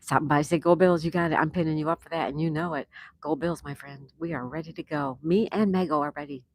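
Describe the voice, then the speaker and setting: A woman's voice: sits low, fairly even intonation, quick pace, dry recording. A woman hosting a livestream, chatting casually and greeting viewers by name as she reads their comments aloud. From Florida. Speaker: livestream host.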